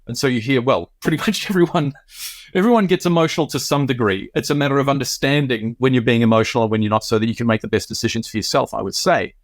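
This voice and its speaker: Measured man explaining on a podcast. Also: medium pitch, no room sound. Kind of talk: casual podcast chat.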